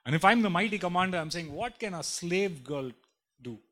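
A man's voice: high-pitched, expressive, brisk, a bit bright. A man preaching a sermon emphatically, repeating lines and building in intensity. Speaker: pastor.

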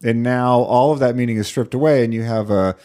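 A man's voice: medium pitch, brisk. A middle-aged man co-hosting a chat show, telling stories and acting out what others said. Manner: animated storyteller, acts out quotes. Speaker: podcast co-host. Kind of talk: casual chat.

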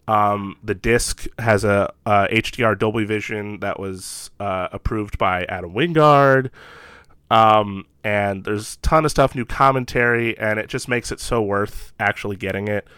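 A man's voice: fairly low pitch, fairly bright tone, clear, resonant tone, dry recording, studio quality. A man co-hosting a casual podcast from home, rambling with enthusiasm and lots of fillers. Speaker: podcast co-host. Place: home room.

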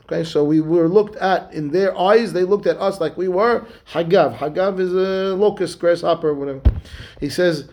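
A man, a rabbi, teaching a Talmud class, reading the text slowly and then explaining it in lively, halting English. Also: sits high.

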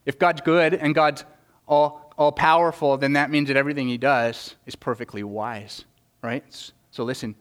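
An earnest man preaching to his congregation, his voice sitting a little on the high side. He presses each point by repeating words, and now and then lifts his voice to act out a quoted prayer. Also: moderate pace, fairly bright tone. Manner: acts out quoted prayers in a raised voice. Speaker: pastor. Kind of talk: sermon.

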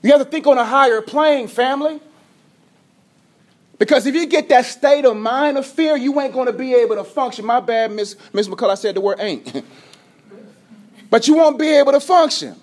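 A man preaching a sermon as a pastor, energetic, dropping from loud to hushed, sometimes stuttering and tripping over his words. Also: extremely high pitch, normal speed, long pauses.

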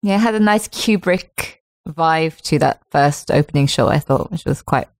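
A woman with a lowish voice, calm and measured, joining a casual film podcast. Her sound is close and dry, with no room echo. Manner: calm, measured, many listening murmurs. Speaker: podcast guest.

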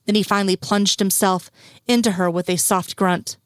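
Woman reading a story, mid pitch, steady and unhurried, super dry close mic. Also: no echo. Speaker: reader. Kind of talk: reading fiction aloud.

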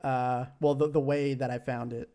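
A man's voice: medium pitch, little pitch movement, moderate pace, mellow. A young man co-hosting a podcast in casual chat, hesitant with lots of fillers, laughing easily. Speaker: podcast co-host.

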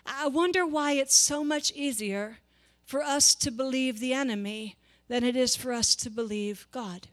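A woman's voice: high voice, unhurried. A woman preaching a sermon to a church, speaking with passion, repeating words and building to emphatic peaks.

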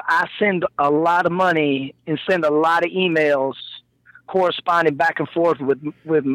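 A man speaking bluntly and emphatically in casual chat. His voice runs notably high, and the sound is dry and close with no room echo. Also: a bit bright.

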